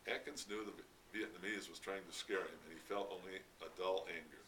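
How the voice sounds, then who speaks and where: A man reading a novel aloud at a library event, steady with occasional stumbles. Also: sits low, a little fast, hardly any pauses. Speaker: reader at a library read-out. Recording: distant mic, faint background noise.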